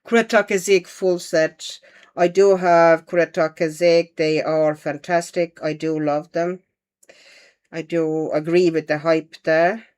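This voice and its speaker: A woman's voice: deep voice, fairly even intonation, slow, a little mellow. A woman hosting a casual livestream, chatting and thinking aloud as she paints and answers viewer comments. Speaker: livestream host.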